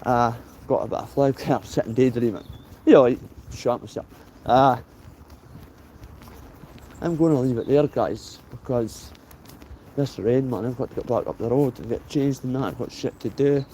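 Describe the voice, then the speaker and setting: Man, late thirties, Dundee Scottish accent, mellow dark voice, blunt and sweary, "mate" every line, phone vlog outdoors. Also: medium pitch, moderate pace, pauses often, a little hiss or hum. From Scotland. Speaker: vlogger. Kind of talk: casual walking vlog. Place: outdoors walking in rain.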